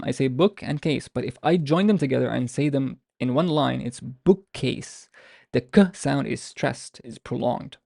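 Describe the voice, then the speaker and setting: Male language teacher on a video call, gravelly mellow voice, dry close sound, patient and explanatory, drags out example words. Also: mid-range voice, dry recording. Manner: explanatory, with frequent restarts and drawn-out example words. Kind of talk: online language lesson.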